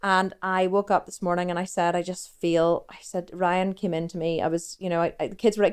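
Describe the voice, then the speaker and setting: A woman's voice: fairly low pitch, level tone, brisk, hardly any pauses, clear, resonant tone. Rambling, confessional woman in her forties. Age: 40s. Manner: rambling, confessional, self-interrupting. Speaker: fitness coach and vlogger. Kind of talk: candid personal vlog.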